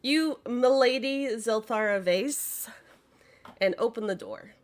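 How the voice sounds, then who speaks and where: A woman narrating a tabletop game as game master, relaxed and hesitant with many fillers. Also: on the high side, slow pace.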